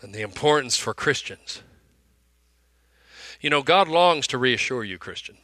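A male pastor preaching a sermon, repeating phrases for emphasis and swinging between loud, emphatic lines and hushed ones. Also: mid-range voice, lively intonation, a little slow, dry recording.

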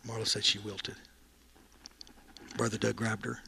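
Man, gravelly and bright, animated testimony storyteller who acts out each line of dialogue. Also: fairly low pitch, a little slow, slight background noise. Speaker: speaker sharing a testimony.

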